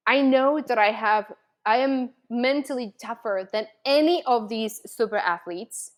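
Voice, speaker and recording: A woman's voice: a little high, measured pace. A woman host telling a personal story in an earnest, emotional way, with lots of fillers and restarts.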